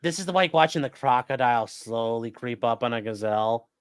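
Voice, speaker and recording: A man, a guest on the show, chatting casually and telling animated stories. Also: medium pitch, a little fast, clean tone, dry recording, clean studio sound. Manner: animated storyteller, swears freely. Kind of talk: casual chat.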